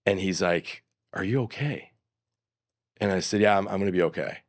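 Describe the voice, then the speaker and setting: Middle-aged male guest, deep voice, animated and rambling storyteller. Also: fast. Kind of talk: storytelling in an interview.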